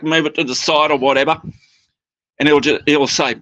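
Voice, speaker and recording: A man chats casually into his phone, rambling and restarting and copying his birds' little phrases. His voice is bright and forward, recorded dry and close. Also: fairly high pitch, flat delivery, normal speed, no echo. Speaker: guest parrot keeper. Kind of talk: casual chat.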